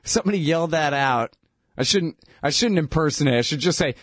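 A man's voice: fairly high pitch, animated, a little fast, a bit bright, no echo, clean studio sound. A man giving casual, sardonic political commentary, laughing at his own points and peppering his talk with "dude" and "man". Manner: filler-heavy, says dude and man.

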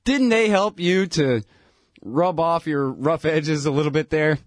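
In clean, echo-free studio sound, a man rants casually and sarcastically at a slightly slow pace. He laughs between points and mocks others by slipping into whiny falsetto impressions.

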